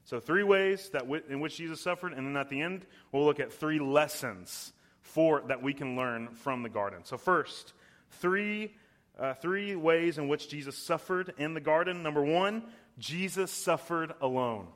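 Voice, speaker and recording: A young man delivers a sermon in a fairly high voice. He is emphatic, slows down to stress key words, and briefly puts on voices when he quotes someone. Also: fairly bright tone. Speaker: preacher.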